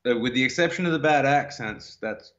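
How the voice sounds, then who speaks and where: A man's voice: mid-range voice, a little fast, a bit bright, lo-fi sound, a little hiss or hum. A man co-hosting a live-streamed podcast, bantering with crude jokes in casual chat. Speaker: podcast co-host.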